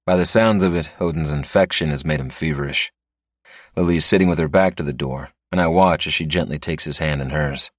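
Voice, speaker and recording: Deep male audiobook narrator. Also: a little fast, no room sound, studio quality. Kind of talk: first-person audiobook narration.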